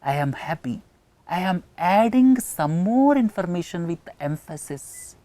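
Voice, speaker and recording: A woman's voice: fairly low pitch, animated, a little slow, dark tone, dry recording. A woman with an Indian English accent giving a recorded lecture on an editorial, explaining word meanings and repeating key phrases for emphasis. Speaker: English teacher.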